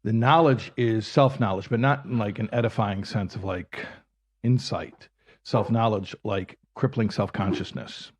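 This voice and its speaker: A man with a low, slightly husky voice explaining ideas in a reflective talk. He builds each point step by step and returns to his key words for emphasis. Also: a little slow. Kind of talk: reflective conversation.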